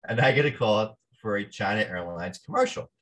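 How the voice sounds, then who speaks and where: Animated New man telling stories. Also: lowish voice, brisk. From New Jersey. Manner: animated storyteller, acts out quoted voices. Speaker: actor guest. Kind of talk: storytelling interview.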